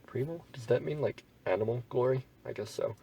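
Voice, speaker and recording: A man's voice: medium pitch, a little fast, vocal fry, mellow, breathy edge, distant mic, low-quality recording. A man reading an AI text adventure aloud and adding wry, bemused asides as he plays. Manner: wry, bemused asides between read-out passages. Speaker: gamer playing an AI text adventure.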